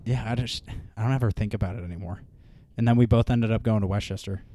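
A man's voice: lowish voice, quick pace, mellow. A man in his twenties hosting a casual podcast chat, laid-back and reminiscing, often saying "dude" and "oh my gosh". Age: 20s. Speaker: podcast host.

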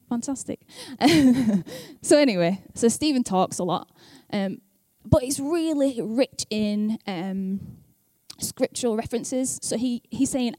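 A woman's voice: mid-range voice, lively intonation, moderate pace, warm tone, dry recording. A young woman speaking at church in a chatty, self-deprecating way, laughing often, then reading scripture aloud. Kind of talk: casual talk and scripture reading.

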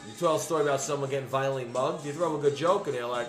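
A man's voice: medium pitch, rapid-fire. Profane joking podcast host man. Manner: profane, joking, mock storytelling. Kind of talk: crude comedic banter. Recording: roomy echo with music behind.

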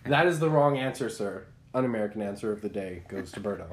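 A young man co-hosting a podcast, telling a story in an animated, rambling way with many restarts. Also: fairly low pitch, fast talker. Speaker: podcast co-host. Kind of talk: casual chat.

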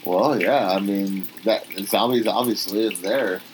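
A man's voice: on the low side, measured pace, slight background noise. A man co-hosting a podcast in casual chat, blunt and joking, swearing now and then. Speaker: podcast co-host.

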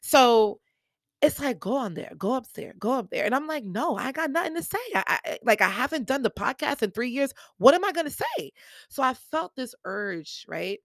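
Animated woman podcaster telling a story. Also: moderate pace, no echo. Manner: animated, acts out quoted voices with big pitch jumps. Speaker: podcast host. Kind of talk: casual storytelling monologue. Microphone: podcast mic.

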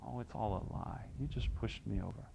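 A man voicing a weary, hurt, skeptical woman who brushes people off in a low mutter. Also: brisk, vocal fry, noisy background. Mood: dismissive.

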